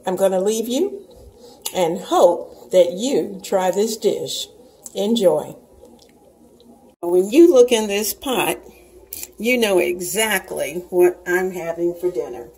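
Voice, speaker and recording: A woman's voice: mid-range voice, animated, takes it slowly, long pauses, darkish tone, slight background noise, rough recording. A woman in her sixties hosting a cooking show from her home kitchen, chatting to viewers in a homey way as she cooks. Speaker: cooking channel host. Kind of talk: casual cooking demonstration.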